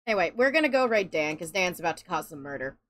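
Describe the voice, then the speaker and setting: A woman's voice: fairly low pitch, big pitch swings, fast, fairly bright tone. A woman streaming a detective game, chatting casually and joking with her co-players. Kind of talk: casual gaming stream chat.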